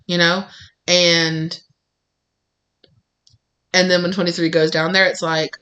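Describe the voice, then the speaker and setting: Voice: mid-range voice, little pitch movement, takes it slowly, long pauses, bright, forceful tone. A tarot reader giving a casual pick-a-card reading, rambling and effusive, with many "like"s and restarts.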